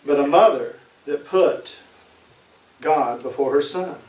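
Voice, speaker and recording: Emphatic preacher with a high voice. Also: male voice, slow pace, darkish tone, recorded from a distance. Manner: emphatic, repeats key phrases. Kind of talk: sermon. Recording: echoey room, voice from off-mic.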